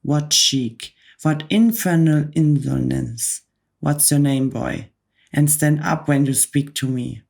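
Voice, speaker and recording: A woman in a soft whispered role-play voicing a huge, furious female headmistress who barks scornful orders at children. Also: low voice, slow pace, vocal fry, heavily acted. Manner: barking, scornful.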